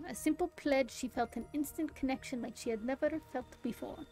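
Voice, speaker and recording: A young woman streamer with a high, slightly mellow voice reads a game's story quite quickly and theatrically. She pauses here and there for giggly, amused asides. The recording is low-quality, with faint music underneath.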